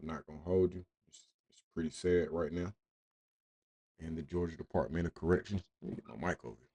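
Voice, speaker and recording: A man with an extremely deep voice hosts the show in a blunt, casual way. He talks to listeners conversationally. His voice is close and dry. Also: brisk, mellow, husky, no room sound. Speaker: host. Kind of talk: casual commentary.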